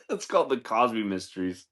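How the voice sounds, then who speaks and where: A man's voice: lowish voice, fairly bright tone. A man hosting a podcast, rambling through a profane comedic monologue, laughing often and acting out scenes. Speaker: podcast host.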